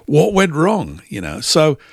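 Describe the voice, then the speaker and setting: A man's voice: a little high, wildly swooping pitch, unhurried, vocal fry, slightly rough, no room sound, clean studio sound. A man hosting a casual podcast chat, talking in a chatty way, laughing often and reading out viewer comments. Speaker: host.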